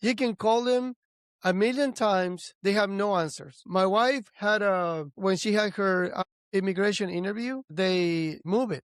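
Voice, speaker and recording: A man with a fairly high voice hosts a podcast conversation. He comments in an earnest, frustrated way and restarts words now and then. The sound is dry and close. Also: unhurried, smooth, dry recording. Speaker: podcast host. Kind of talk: interview commentary.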